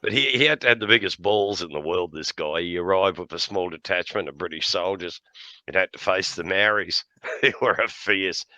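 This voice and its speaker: A man's voice: sits low, normal speed, dry recording. An Australian man hosting a live stream, swearing freely and laughing as he tells stories. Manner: laughs often, swears freely, lively yarn-spinning. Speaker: livestream host. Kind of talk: casual chat with jokes and yarns.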